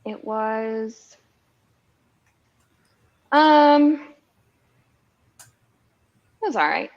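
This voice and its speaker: A woman's voice: on the high side, drawn-out words. A young woman co-hosting a live stream, chatting casually and laughing as she tells stories. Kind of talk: casual chat. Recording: slightly dull lo-fi stream audio.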